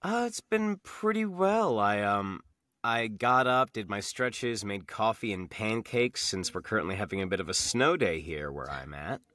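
An easygoing man chats casually as a podcast guest. His low voice has a bright, forward edge, and the sound is close and dry. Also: normal speed, no room sound. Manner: easygoing, relaxed storyteller. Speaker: voice actor guest.

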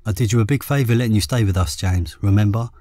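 A man voicing a pushy young woman who insists on a favour, in his near-usual low voice. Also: quick pace, mellow, dry recording, clean studio sound, close to an everyday voice.

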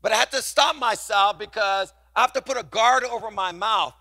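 A middle-aged man preaching from the pulpit, his voice high and ringing with a very bright, cutting edge. He drives his sermon with passion and keeps calling on the congregation to repeat his words back to him. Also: normal speed. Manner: passionate, call-and-response preaching. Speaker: pastor.

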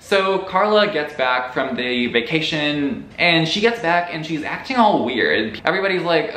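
A man casually recapping a book's plot for his vlog, animated and swearing, popping into quick voices for the characters. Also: fairly high pitch, slight background noise. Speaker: book vlogger. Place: room at home. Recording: echoey room with faint ambience.

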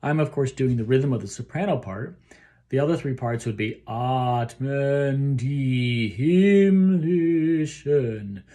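Warm, expressive, and fairly quick, a mid-range male voice leads a choir rehearsal lesson. The director walks through phrasing and pronunciation, breaks into short sung pieces of the lines, and finishes points with a questioning "okay?"

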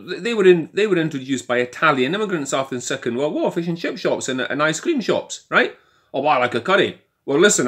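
An older man with a Scottish accent, delivering an animated opinion monologue full of rhetorical questions. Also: fairly high pitch. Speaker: commentator.

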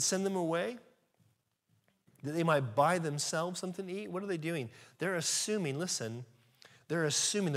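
A man preaching a sermon as pastor, earnest and emphatic, asking his listeners rhetorical questions. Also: on the high side.

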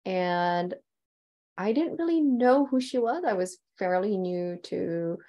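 A woman's voice: medium pitch, animated, slow, lo-fi sound. A woman calligraphy teacher telling her story in a heartfelt, enthusiastic presentation over a video call.

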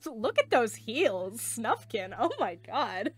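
A woman in her late teens giving excited let's play commentary, gushing, squealing and swearing. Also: on the high side, unhurried, no room sound, soft background music.

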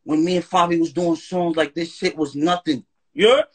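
A man on the high side, speaking at normal speed, rants heatedly as a guest on a live stream. He's profane and animated and repeatedly asks "you heard?".

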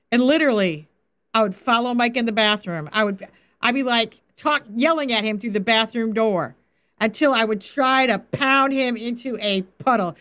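A high-voiced woman teaching the Bible in a relaxed live-stream way. She is animated and laughs easily, slipping into little acted-out quotes to make her points. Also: normal speed. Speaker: faith coach and Bible teacher.

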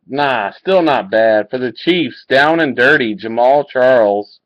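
Guy doing a live card break on his webcam, slow talker, gets hyped at good hits, muffled audio. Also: medium pitch. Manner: excitable, reacts to pulls. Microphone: webcam mic.

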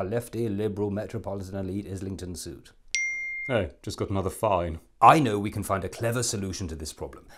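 A man doing a satirical impression of a bumbling, smug British prime minister, blustering through a comic monologue with chuckling self-mocking asides. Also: deep voice. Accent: English.

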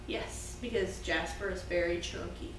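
A woman's voice: fairly low pitch, fairly even intonation, a little slow, distant mic. A young woman, chatting playfully and eagerly with her mother and often saying "like". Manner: playful, enthusiastic, says "like" a lot. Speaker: host's daughter. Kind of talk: casual family chat. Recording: echoey room, off-mic, with background noise.

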